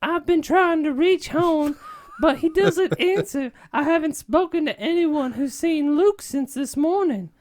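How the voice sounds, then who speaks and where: A man voicing a worried young princess in a breathless high falsetto. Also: unhurried, a little mellow.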